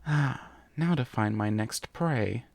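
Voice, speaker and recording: A man's voice: medium pitch, slow pace, vocal fry, no room sound. A man reading a pony story aloud and voicing a vain, scheming female changeling queen who hisses and snaps at her rivals. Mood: gloating. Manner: hissing, snappish and haughty.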